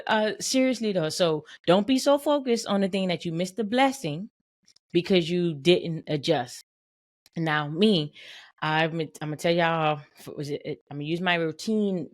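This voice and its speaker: A woman hosts her own motivational podcast, coaching listeners on boundaries. Her voice sits on the low side, and she drives points home emphatically, repeating them and tagging lines with "right?". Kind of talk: motivational solo podcast talk.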